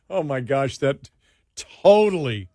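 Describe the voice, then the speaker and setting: A man's voice: medium pitch, very animated, slow pace, mellow, no room sound, studio quality. A man hosting an overnight radio talk show, reading a list aloud and trading quips, his speech speeding up when he gets annoyed. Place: radio studio. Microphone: studio microphone.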